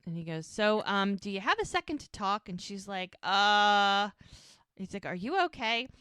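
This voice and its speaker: A woman co-hosting a podcast, casually recapping a TV episode and acting out the characters' lines in quick voices. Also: medium pitch, very animated, a bit bright, dry recording. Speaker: podcast co-host.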